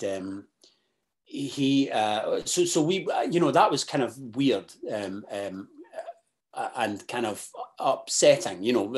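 Rambling Scottish man, halting chat. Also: on the low side. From Scotland. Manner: halting, full of fillers and restarts, bursts of animated swearing. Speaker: podcast guest. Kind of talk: casual interview chat.

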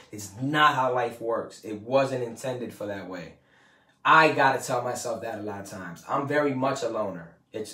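A man's voice: medium pitch, fairly bright tone. A man hosting a podcast, giving a casual, profane motivational talk, rambling and emphatic and quoting people in put-on voices. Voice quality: swears freely, slangy street talk. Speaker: podcast host. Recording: roomy and distant from the mic.

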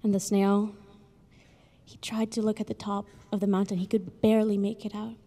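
A young woman giving an emotional graduation speech, telling a story earnestly with pauses, recorded in a large ceremony hall with long reverb. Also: medium pitch, flat delivery. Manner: earnest, pausing, with soft laughs. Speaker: graduation speaker.

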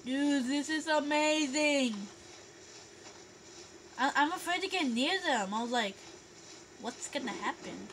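A woman giving live commentary as she plays a video game, full of gasps and excited squeals. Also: high voice, slow, pauses often, background noise. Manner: excitable, gasping, squealing reactions. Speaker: gameplay vlogger.

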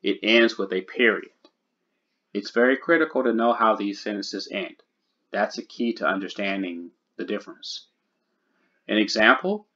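A man teaching a grammar lesson, speaking slowly and deliberately and repeating the key points. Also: on the low side, sharp tone, highs cut off.

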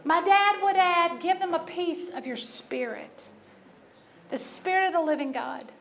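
A woman's voice: very high voice, measured pace. A woman pastor preaching a sermon, telling a personal story with humor and emphatic repetition.

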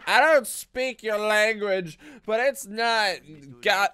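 A man's voice: high voice, takes it slowly, slight background noise. A man streaming video games, cursing and yelping as he plays and reacts. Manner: animated, sweary, prone to sudden yelps. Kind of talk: casual gaming commentary.

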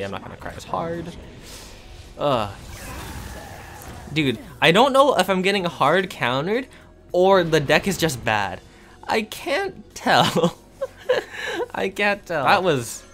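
A young man giving casual, excitable commentary while playing a card game, laughing often and muttering to himself. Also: a little high. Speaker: gaming video creator.

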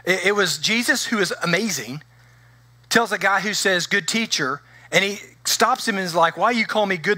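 Male pastor, conversational preaching that acts out quotes; bright tone, close dry sound. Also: high voice, moderate pace, no echo. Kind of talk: sermon.

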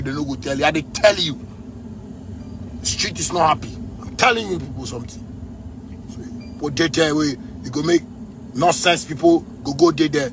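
A man in his thirties from Ghana with a Ghanaian Pidgin English accent, delivering an angry, repetitive rant with frequent shouting. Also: a little high, noisy background. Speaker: musician ranting on video.

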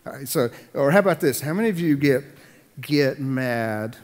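A middle-aged pastor preaches with animated energy, doubling back on his words as he drives each point home. His voice carries a long hall reverb from the sanctuary around him. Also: mid-range voice, moderate pace. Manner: animated, repeats words when building a point. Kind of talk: sermon.

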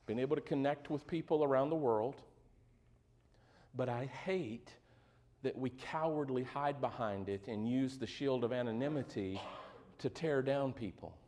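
A man's voice: medium pitch, a little slow, warm tone. A male pastor preaching a sermon in a conversational way, with joking asides and frequent questions to the congregation.

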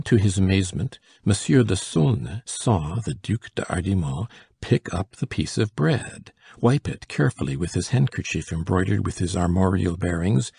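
Male audiobook narrator, husky, low-pitched, mellow timbre. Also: dry recording, clean studio sound. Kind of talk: scripted narration.

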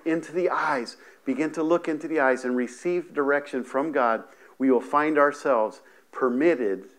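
Man, pastor preaching, living room, seated before a camera, halting repeated starts, mid pitch. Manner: repetitive, halting restarts, asks "amen? right?" often. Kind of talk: sermon. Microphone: camera in front of him, seated on a stool.

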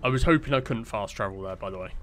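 Talking fast and animated in a fairly low, fairly bright voice, a young man does casual let's-play commentary over a little hiss or hum. He meanders, jokes about himself, and uses a lot of fillers.

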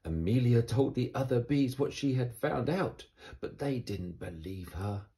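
Man, children's bedtime story reading, gentle, unhurried, lively pitch. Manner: gentle, expressive read-aloud.

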